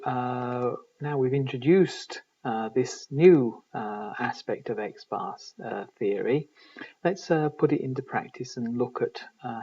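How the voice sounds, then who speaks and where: A man giving a recorded university lecture in linguistics, measured and explanatory, often pausing to find his words. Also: medium pitch, dark tone, husky. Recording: distant, dull lo-fi recording.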